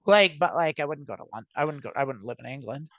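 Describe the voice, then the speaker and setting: A woman's voice: low voice, animated, fast talker, fairly bright tone, no echo, dull audio. A trans woman co-hosting a podcast, chatting casually in a rambling, filler-heavy way, laughing often and swearing freely. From United States. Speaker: podcast co-host. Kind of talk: casual chat.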